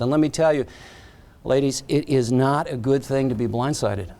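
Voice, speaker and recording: A man's voice: mid-range voice, moderate pace, mellow. Man telling a story in a keynote speech. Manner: dramatic storyteller, short emphatic phrases. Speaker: keynote speaker.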